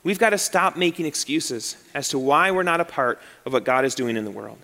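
A man preaching an animated sermon as pastor, acting out excuses in quoted voices. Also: on the high side, a little fast. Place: church sanctuary. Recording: long hall reverb.

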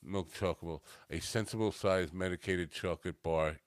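A man's voice: low voice, steady tone, normal speed, no echo, clean studio sound. A man hosting a casual chat show, rambling and self-mocking, easily distracted, coming down from a cannabis edible. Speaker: podcast host.

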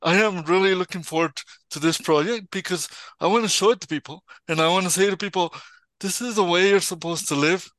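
A man's voice: high voice, brisk, fairly bright tone, no room sound. A man in an interview, talking earnestly and repeating phrases as he thinks. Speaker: interview guest.

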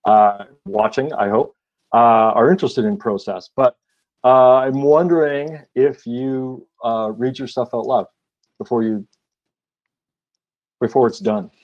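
Halting male interviewer, muffled sound. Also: mid-range voice. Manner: halting, thoughtful, many hesitations. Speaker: interviewer, fellow writer. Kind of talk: casual interview.

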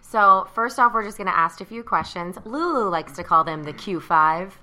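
Bright, upbeat woman podcast host. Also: mid-range voice, animated, moderate pace. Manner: upbeat, teasing. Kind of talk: casual chat.

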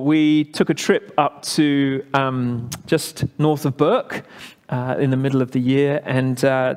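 An English man giving a sermon as pastor, telling a story in a chatty, halting way with many fillers. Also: mid-range voice, long reverb tail. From England.

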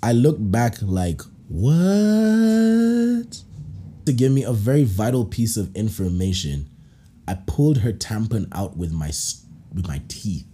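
A man hosting a podcast, reading out listener stories and reacting with animated laughter and playful put-on voices. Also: lowish voice, moderate pace, slightly rough. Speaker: podcast host.

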